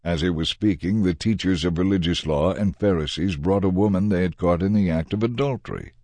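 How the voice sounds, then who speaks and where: A man narrating a dramatized Bible reading with expressive delivery, shifting into voices for the characters. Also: low-pitched, a little fast, no room sound. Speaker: scripture reader.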